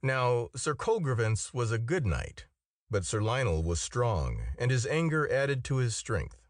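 A man narrating an old tale in a measured, expressive reading. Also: medium pitch, no room sound, studio quality. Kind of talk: storybook narration.

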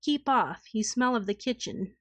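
A woman's voice: a little high, lively intonation, unhurried, no echo. A woman voicing a proud, mocking young noble damsel in a storybook reading, dry and close. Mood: scornful. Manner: haughty, mocking.

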